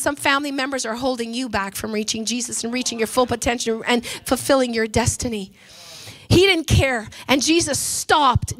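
A woman pastor preaches from the pulpit with a somewhat high voice. She is impassioned, dropping low and hushed and then rising to loud bursts. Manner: impassioned, swings between quiet and loud. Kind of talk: sermon. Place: church pulpit.

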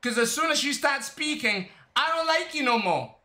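A man's voice: extremely high pitch, expressive, normal speed, bright, forceful tone. A man streaming a video game, trading crude, taunting trash talk and complaining at teammates. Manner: crude, taunting, laughing banter. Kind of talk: casual gameplay trash talk. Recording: echoey room with game music.

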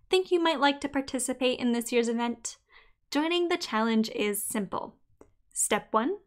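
A young adult woman hosting a podcast, reading a scripted episode in an upbeat, clearly enunciated way. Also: fairly high pitch. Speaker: podcast host.

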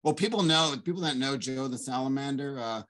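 An older man with a thick Boston accent speaks as a guest author in casual conversation. He teases and swears freely, and his voice rises and grows louder when he gets going. His pitch is middling. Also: fairly quick. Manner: animated, profane, teasing. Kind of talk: casual chat.

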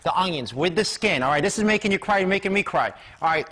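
A man pitching a kitchen gadget in a pushy, jokey infomercial patter at a kitchen demo table. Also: lively intonation, quick pace, sharp tone.

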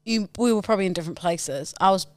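A young woman with a mid-range voice cuts into her co-host's story with teasing questions. She sounds relaxed and chatty. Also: mid-range voice, fast, no echo, clean studio sound. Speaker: podcast co-host. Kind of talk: casual chat.

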